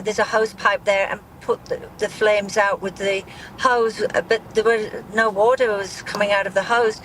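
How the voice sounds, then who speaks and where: Shaken woman, halting speech. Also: mid-range voice, fairly bright tone, slight background noise, rough recording. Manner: halting, shaken, many restarts. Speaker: interviewee, grieving mother. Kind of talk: live news interview.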